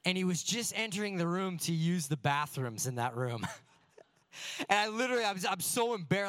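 A man on a church staff telling a humorous story in a sermon, animated and poking fun at himself. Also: high voice, brisk, no echo. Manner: animated, self-deprecating anecdotes. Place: church sanctuary before a congregation.

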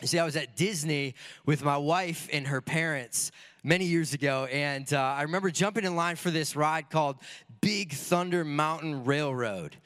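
Man, preacher, casual sermon, joking, rhetorical questions, slightly high voice. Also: normal speed, fairly bright tone. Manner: casual, conversational.

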